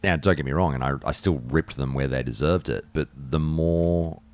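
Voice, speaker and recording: A man's voice: a bass voice, normal speed, darkish tone. A man chatting casually and bluntly on a live stream, swearing freely and rambling between thoughts. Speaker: streamer and podcast host. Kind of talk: casual live-stream chat while gaming.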